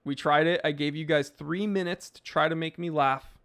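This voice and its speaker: A man hosts a casual live stream, answering viewers' chat messages in a relaxed, meandering way full of fillers. His voice sits fairly high for a man and carries a noticeable gravelly fry. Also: normal speed. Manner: laid-back, rambling with fillers.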